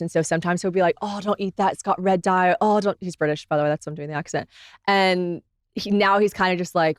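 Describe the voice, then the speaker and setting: A young pregnant woman chatting candidly as a podcast guest, blunt and quick to laugh, swearing freely. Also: lowish voice, no echo, studio quality. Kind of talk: candid casual chat.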